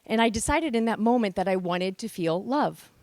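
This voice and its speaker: A woman's voice: mid-range voice, animated, normal speed, a little mellow, no room sound. A woman in her forties giving a motivational speech at a women's event, telling a candid personal story with earnest emphasis. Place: event hall with live audience.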